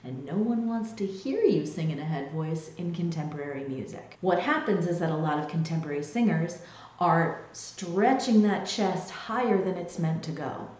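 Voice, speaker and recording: A woman vocal coach explaining singing technique in a clear, teaching manner, with sung demonstrations. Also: fairly low pitch, lively intonation, moderate pace, darkish tone. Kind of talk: singing lesson to camera. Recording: very echoey room.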